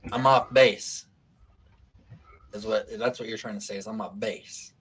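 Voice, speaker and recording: A man's voice: fairly low pitch, measured pace, husky. A man casually telling a wild story on a talk stream, swearing a lot and acting out what people said. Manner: profane, animated, acts out quotes.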